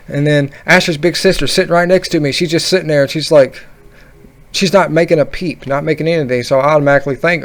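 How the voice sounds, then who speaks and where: A man telling a funny roller coaster story in a casual, rambling, animated way. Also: fairly high pitch, a little fast. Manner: rambling, animated, laughing at his own story. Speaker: vlogger.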